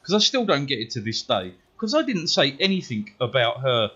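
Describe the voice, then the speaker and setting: British male streamer, casual and profane storyteller, animated, middling pitch, a bit muffled. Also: a little fast, breathy edge. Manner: profane, swears constantly; animated, gets louder and higher when worked up. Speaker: gaming streamer.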